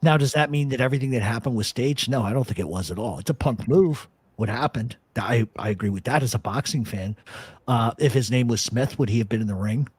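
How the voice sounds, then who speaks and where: A man's voice: mid-range voice, a little fast, a little mellow, slightly rough, no echo. A man hosting a talk show, telling stories and arguing his points bluntly, with plenty of swearing. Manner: profane, blunt storyteller. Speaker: radio show host. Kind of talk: casual chat, storytelling.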